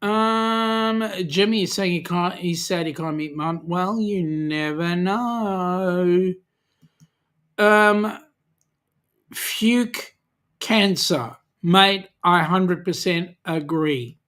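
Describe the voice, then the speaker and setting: An Australian-accented man with a high, slightly bright voice speaks slowly while hosting a casual livestream. He reads viewer comments aloud, chatty and hesitant with frequent ums, teasing people in a friendly way.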